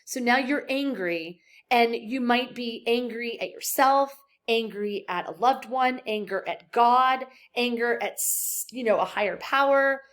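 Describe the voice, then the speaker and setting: A young adult woman giving a recorded psychology lecture to her students, speaking conversationally with filler words and acting out example quotes. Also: fairly high pitch. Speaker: psychology instructor.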